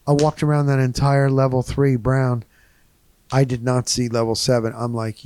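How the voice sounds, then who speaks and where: A man hosting a talk show, telling a rambling, animated story in a casual monologue. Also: normal speed, clear, resonant tone, dry recording. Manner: animated, swinging pitch, rambling asides.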